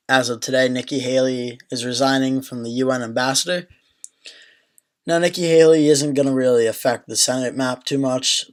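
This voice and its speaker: A young man hosting a casual election prediction video, thinking aloud with fillers and restarts as he goes through an electoral map. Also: mid-range voice. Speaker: political prediction video host.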